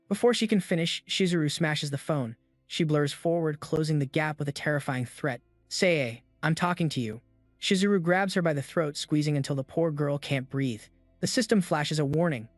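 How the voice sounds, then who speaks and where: A man's voice: a little high, dry recording. A man narrating a comic recap as a scripted voice-over, reading all the characters' lines in his own voice. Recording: dry voice-over with music.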